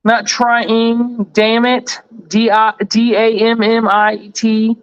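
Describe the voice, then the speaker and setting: Texan woman, casual chatter, high bright pitch, unhurried, dull lo-fi sound. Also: little pitch movement, smooth, dry recording. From Texas. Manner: drawling, folksy, says y'all. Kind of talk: casual chat.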